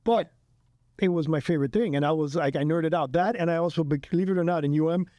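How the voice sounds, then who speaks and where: Fast-talking man hosting a podcast. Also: on the high side, dry recording, studio quality. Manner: animated, rambling storyteller. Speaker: podcast host. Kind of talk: casual chat.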